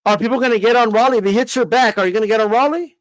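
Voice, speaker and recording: A man's voice: extremely high pitch, racing, no room sound. A man giving casual, opinionated boxing commentary in a rant, swearing, repeating words and firing off rhetorical questions. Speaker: boxing commentator on a live stream.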